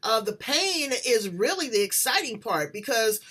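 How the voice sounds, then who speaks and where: A woman hosting a talk show, telling stories in an animated, exclamatory way during a casual, faith-filled chat. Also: fairly high pitch, normal speed, breathy edge.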